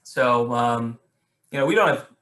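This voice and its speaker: A man teaching a literature class over a video call, talking with many pauses and restarts and asking the students questions. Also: mid-range voice, expressive, a bit bright, roomy sound. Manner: hesitant, restarts often, asks questions. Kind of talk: online class discussion.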